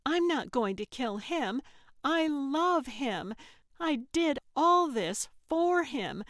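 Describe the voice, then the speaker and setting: A woman's voice: mid-range voice, lively intonation, unhurried, no echo, studio quality. A woman voicing an angry, scornful young woman who threatens with a gun, in an audiobook. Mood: snapping threats. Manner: sharp, snapping, scornful. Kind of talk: audiobook character voice.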